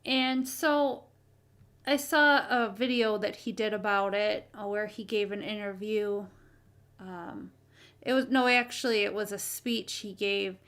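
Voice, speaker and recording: A woman hosting her own live stream, talking in an earnest, hesitant way with many pauses and fillers. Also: medium pitch, steady tone, fairly bright tone. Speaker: channel host.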